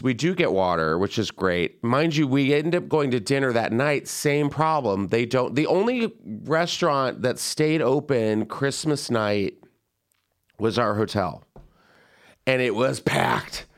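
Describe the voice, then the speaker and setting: A young man hosting a podcast, telling a story in an animated, chatty way and acting out the voices of people he quotes. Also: medium pitch, smooth. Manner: animated, quick asides, acts out quoted voices. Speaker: podcast host. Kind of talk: casual storytelling chat.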